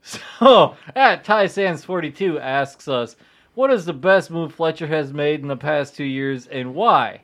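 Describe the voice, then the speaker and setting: A man hosting a casual sports chat podcast, reading listener questions aloud. He jokes and laughs easily, and his voice sits a little high for a man. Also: lively intonation, unhurried, fairly bright tone. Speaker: podcast host.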